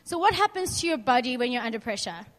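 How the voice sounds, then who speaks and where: A woman's voice: on the high side, big pitch swings, quick pace, big-room sound. A young woman giving an informal faith talk to a group, chatty and candid, asking the room questions and sharing personal stories. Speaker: youth speaker.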